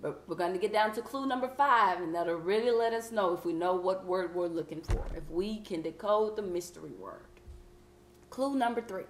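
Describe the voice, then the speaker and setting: A woman teaching a classroom vocabulary lesson, patient and encouraging as she reads each clue slowly. Her voice sits at an ordinary pitch and carries a roomy echo from the classroom. A faint hum runs underneath. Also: expressive.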